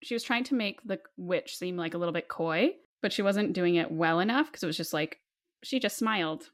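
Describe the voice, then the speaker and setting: A woman's voice: lowish voice, brisk. A young woman co-hosting a casual book discussion, sarcastic and swearing freely with lots of "like.".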